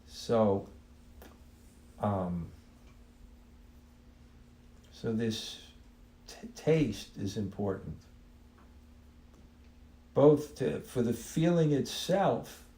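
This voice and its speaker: A man gives a devotional talk at a very slow pace, often restarting and repeating words and chuckling now and then. His voice sits at an ordinary pitch, and the recording carries the echo of a reverberant room. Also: animated, mellow. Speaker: spiritual teacher. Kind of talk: devotional talk on a live stream. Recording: echoey room.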